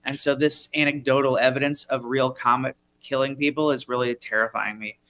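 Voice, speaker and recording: A man's voice: medium pitch, steady tone, brisk, a bit bright. A man hosting a live improv comedy show, rambling with hesitant fillers and dry remarks. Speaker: host.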